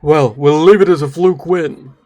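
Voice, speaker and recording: A man with an English accent voicing a calm, matter-of-fact young ship girl in game dialogue. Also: fairly high pitch, moderate pace, natural voice. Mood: dry.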